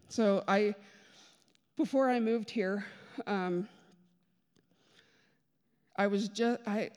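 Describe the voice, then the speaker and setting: A woman's voice: medium pitch, darkish tone. Chatty woman preaching in a reverberant hall. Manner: chatty, joking asides, self-deprecating. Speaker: speaker giving a church talk. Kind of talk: conversational sermon with personal testimony. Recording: long reverb of a large hall.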